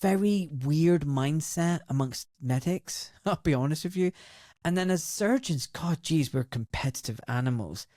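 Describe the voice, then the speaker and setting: A Scottish man in his fifties, a doctor and former surgeon, telling his story in an interview in a lively, outspoken way and acting out the voices he quotes. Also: on the high side, measured pace, no room sound, studio quality. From Glasgow, Scotland.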